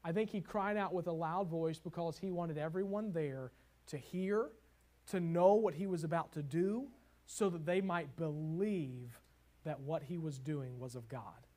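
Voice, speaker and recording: A high-pitched male preacher delivering a sermon. He swings between ringing exclamations and soft, hushed stretches, and reads scripture aloud in old biblical wording. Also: measured pace. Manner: swings from loud exclamations to hushed tender passages. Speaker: pastor.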